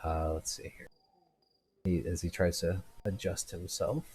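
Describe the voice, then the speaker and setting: A man's voice: deep voice, level tone, measured pace, a little mellow, a little hiss or hum, poor audio. A man narrating a tabletop game as game master, hesitant and full of fillers.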